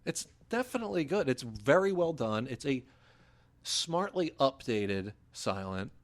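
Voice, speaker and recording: A man of ordinary middle pitch who co-hosts a podcast and gives his film opinions bluntly. He swears offhandedly and talks in loose, casual chat. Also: big pitch swings, measured pace. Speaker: podcast co-host.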